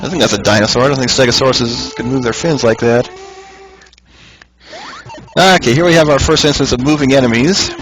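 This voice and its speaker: A man talks his way through a puzzle game in an easygoing voice of middling pitch, thinking aloud and chuckling now and then. Game music plays clearly behind him. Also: brisk, pauses often, fairly bright tone, low-quality recording. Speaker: let's play commentator. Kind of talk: casual gameplay commentary.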